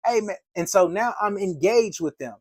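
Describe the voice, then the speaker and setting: A man's voice: high voice, animated, moderate pace, no echo. A man giving door-to-door sales training in a casual, slangy way, acting out doorstep chats. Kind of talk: animated sales training talk.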